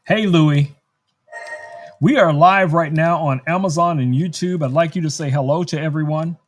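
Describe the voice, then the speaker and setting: A man hosts a casual live-stream tech demo from his studio. He is chatty and thinks aloud as he works through the settings. His voice sits a little high. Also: normal speed. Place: home studio.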